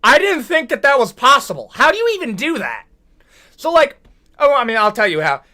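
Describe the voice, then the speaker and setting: Speaking briskly in a very high voice, this young American video commentator jokes and rants with plenty of slang and mock outrage. He's animated, tossing out lines like "brother, what?"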